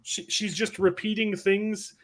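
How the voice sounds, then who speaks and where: A man's voice: sits high, level tone. A man in a casual fan discussion, talking from his desk at home and correcting himself often. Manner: rambling, quick self-corrections. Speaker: podcast panelist.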